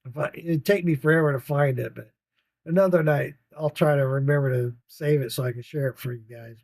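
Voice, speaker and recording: A man's voice: on the high side, fairly quick, darkish tone, no echo. An older man telling a rambling, profane story about his grandchildren, laughing often. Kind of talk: casual storytelling.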